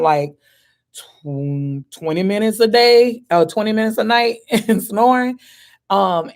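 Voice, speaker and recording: Woman, 40s, vlogger. Casual and candid, talks to herself with "girl" and "baby.". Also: on the low side. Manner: chatty and candid, laughs easily, pauses with ums; gives herself a pep talk with "girl" and "baby". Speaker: vlogger answering questions. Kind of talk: casual chat.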